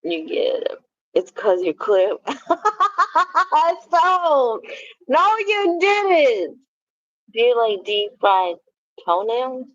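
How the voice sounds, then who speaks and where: A woman hosts a casual livestream, talking to her viewers with a fairly high, very animated voice that moves at a leisurely pace. She laughs often and swears freely. The sound is dry and a bit dull, like lo-fi stream audio. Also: extremely slow, pauses often, no room sound. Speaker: livestream host. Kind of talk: casual livestream chat reading viewer comments.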